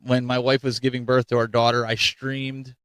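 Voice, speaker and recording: A middle-aged man hosting a relaxed gaming podcast, talking in loose, animated bursts and restarting his sentences. His voice sits in an ordinary middle range. The sound is dry and close, with no room around it. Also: medium pitch, moderate pace, clear, resonant tone, no echo. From Ohio. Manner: rambling, animated, restarts often. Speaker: podcast host. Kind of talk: casual panel chat.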